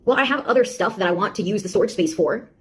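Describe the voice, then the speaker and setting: A woman's voice: mid-range voice, quick pace, slight background noise, lightly acted. An actress playing a sarcastic young woman, a beta tester who mocks and scolds a nosy AI in a one-sided audio drama. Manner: mocking, taunting, exasperated.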